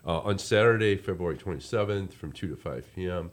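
A man's voice: sits low, brisk. A man, a resort representative chatting casually in an interview, rambling with many restarts.

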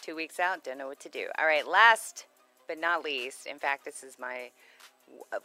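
A woman's voice: low voice, moderate pace, pushed and bright, faint music behind. A woman co-hosting a radio show in casual banter, bubbly and jokey, laughing often.

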